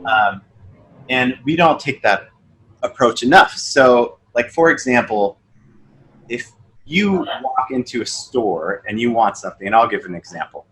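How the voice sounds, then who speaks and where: A young man, a sales coach appearing as a podcast guest, casually tells stories in conversation, acting out the dialogue with lively pitch jumps. He speaks a little slowly, and the low-quality recording has slight background noise.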